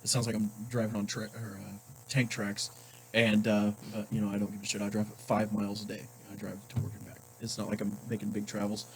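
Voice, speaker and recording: A man's voice: fairly low pitch, monotone, quick pace, darkish tone, slight background noise, rough recording. Laid-back man, swearing casually. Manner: loose, profane, laid-back storytelling. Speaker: podcast co-host. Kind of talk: casual chat.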